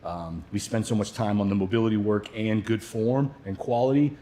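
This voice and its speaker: A man's voice: on the low side, moderate pace. Chill guy running a gym livestream, easygoing, explains moves, bit of hum behind him. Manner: relaxed, loose, joking asides. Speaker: fitness coach hosting livestream. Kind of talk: casual explaining workout, answering chat.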